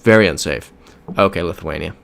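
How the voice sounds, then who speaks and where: A young man with a low voice and an American accent chats casually on a live stream. He mutters guesses to himself and reads viewer messages aloud in an easy, rambling way. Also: a little fast, vocal fry, fairly bright tone. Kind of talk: casual live-stream chat while playing a geography game.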